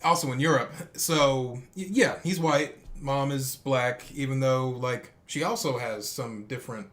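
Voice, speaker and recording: A man's voice: mid-range voice, a little slow, fairly bright tone. A man in a casual discussion, hesitant and searching for his words. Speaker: guest.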